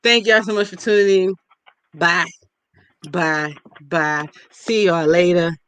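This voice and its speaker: A woman's voice: lowish voice, fairly even intonation, slow pace, fairly bright tone, slight background noise. A woman hosting a podcast in casual chat, playful and joking, talking straight to her listeners. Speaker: podcast host.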